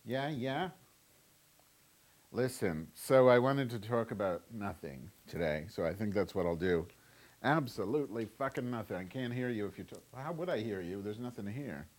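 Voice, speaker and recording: Low-voiced man ranting profanely at home. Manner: profane, erratic, abrupt outbursts. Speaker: host of a live webcam show. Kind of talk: rambling live-stream monologue. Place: home, moving into the kitchen. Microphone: wireless mic.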